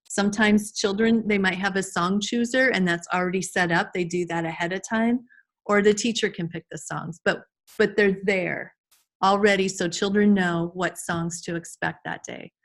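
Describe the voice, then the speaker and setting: A woman's voice: mid-range voice, fairly even intonation, moderate pace. A woman giving an informal online class to teachers over a video call, chatty with frequent restarts and fillers. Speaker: early childhood trainer.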